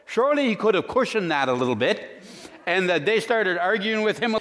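A man's voice: sits high, animated, moderate pace, fairly bright tone, long reverb tail. A man, a pastor, preaching a sermon in a folksy way and telling jokes as he goes.

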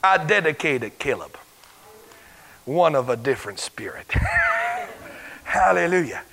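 A male pastor preaching a fervent sermon, shouting his points and dropping to a hush to tell a story. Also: fairly high pitch, huge pitch swings, slow pace, creaky, husky, a faint crowd, rough recording. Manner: fervent, swings from loud shouting to hushed storytelling.

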